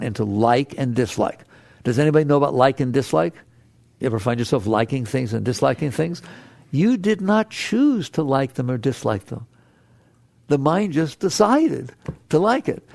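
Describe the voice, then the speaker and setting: An older man and spiritual teacher who gives an animated, conversational talk to a live audience, asks them questions and acts out inner voices. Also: a little high, vocal fry, no room sound.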